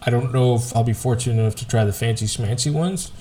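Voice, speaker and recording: A man's voice: mid-range voice, quick pace, mellow. Easygoing man chatting about whiskey. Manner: easygoing, rambling, hesitant. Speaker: podcast co-host. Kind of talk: casual whiskey chat.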